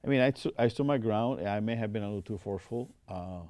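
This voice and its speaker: A fast-talking older man with a voice on the low side and a darkish tone, recorded with no room sound. Spanish is his first language and he has a Spanish accent; as an Air Force veteran being interviewed in a studio, he tells stories with quoted dialogue and keeps restarting.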